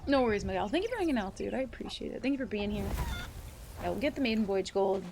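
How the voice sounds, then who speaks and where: A woman streaming a game live, talking casually to her chat as she plays. Her voice sits in an ordinary middle pitch, and she swears freely and laughs easily, with a faint hum of noise behind her. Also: lively intonation, fast, vocal fry.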